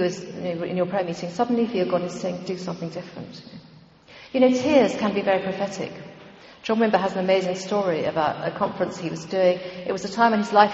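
A woman's voice: medium pitch, a little mellow. A woman giving an informal church teaching talk on prayer, conversational and meandering, with frequent ums and asides. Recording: dull, echoey hall recording.

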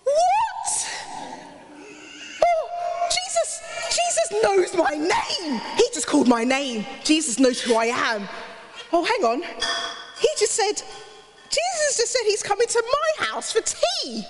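A woman's voice: high voice, expressive, normal speed, long reverb tail, noisy background. A woman voicing a small, eager man who squeals and exclaims. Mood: overjoyed.

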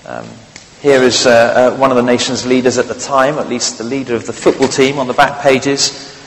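A man's voice: mid-range voice, fairly even intonation, normal speed, long reverb tail, a little hiss or hum, low-quality recording. A man preaching a sermon, conversational and wry, with frequent fillers.

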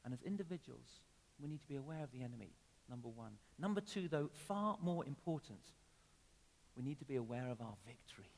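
A man preaching a sermon in a church, talking conversationally with sudden emphatic rises and soft drops. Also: mid-range voice, expressive, brisk, creaky. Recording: long reverb of a church hall.

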